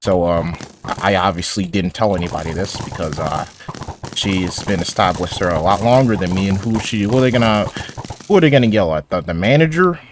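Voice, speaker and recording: A man's voice: sits low, a little fast, background noise. A teenage boy talking casually over his gameplay, rambling and stumbling through stories with sarcastic asides. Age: teens. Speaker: gaming YouTuber.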